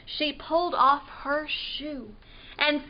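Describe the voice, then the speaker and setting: A woman reads a picture book aloud for a library storytime in a high, unhurried voice. She is expressive and stops to ask the children questions. The recording sounds a little dull and lo-fi.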